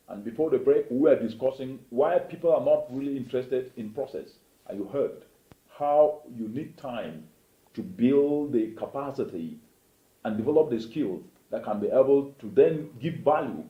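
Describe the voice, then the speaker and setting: A man's voice: medium pitch, expressive, normal speed, reverberant, phone-quality sound. A man hosting a motivational interview show, speaking emphatically and preachily, with rhetorical questions. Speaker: host.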